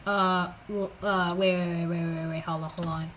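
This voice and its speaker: A woman's voice: lowish voice, level tone, normal speed, fairly bright tone, a little hiss or hum, low-quality recording. A young woman streaming a building game, jumpy and joking, cutting in with slangy, self-mocking asides. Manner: slangy, casual. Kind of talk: live gameplay commentary.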